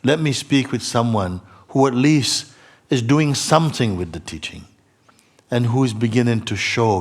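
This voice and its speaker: A man, a spiritual teacher, speaking earnestly to a seeker, moving between soft murmurs and emphatic, laughing passages. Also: medium pitch, normal speed, husky. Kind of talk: satsang talk to a seeker. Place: meeting hall.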